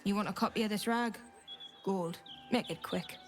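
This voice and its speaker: An actor playing a curt, sardonic male newspaper seller in a fantasy game, gruff and impatient. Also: high voice, normal speed, faint music behind.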